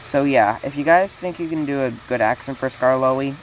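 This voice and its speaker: A woman with an extremely low voice runs through a fan casting call in a loose, casual way. She rambles, uses many fillers and often restarts her sentences. A steady hiss sits in the background. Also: normal speed, low-quality recording. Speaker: fan series creator running a casting call. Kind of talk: casual spoken announcement.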